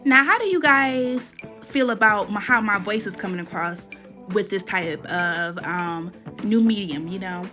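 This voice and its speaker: A woman hosting a gaming channel records a casual, rambling voice-over for her gameplay video on an iPad, talking straight to her viewers and calling them y'all. She mentions she generally talks low. Her pace is measured and her tone sharp, with soft music behind her.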